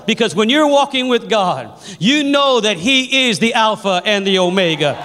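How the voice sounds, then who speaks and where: A man who is a pastor, preaching a sermon to a congregation in a church, telling funny stories that build to shouted praise. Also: sits high, animated, moderate pace, hardly any pauses. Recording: long hall reverb, faint congregation.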